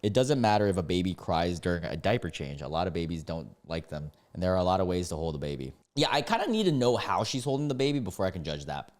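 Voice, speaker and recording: A man's voice: low voice, very animated, fast, few pauses, a little mellow. A young adult man reading online posts aloud and reacting in a casual, incredulous way. He laughs often and fills his talk with "like".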